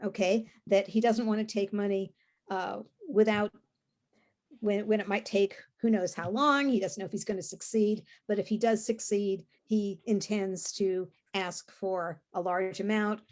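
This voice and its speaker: A woman's voice: medium pitch, fairly even intonation, a little slow, darkish tone. A woman co-hosting a podcast, explaining her reading of a novel's characters in a thoughtful way with many fillers. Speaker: co-host discussing a novel. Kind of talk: casual podcast discussion.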